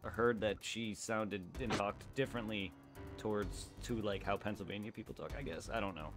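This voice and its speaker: A man hosting a gaming stream, talking in a casual, halting way full of fillers. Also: lowish voice, steady tone, music in the background.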